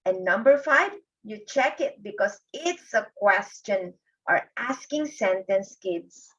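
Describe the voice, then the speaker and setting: Slow, patient grade one teacher woman. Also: mid-range voice, animated, a bit bright. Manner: patient, drawn-out, addresses kids often. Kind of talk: slow classroom lesson for children. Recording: dull lo-fi recording.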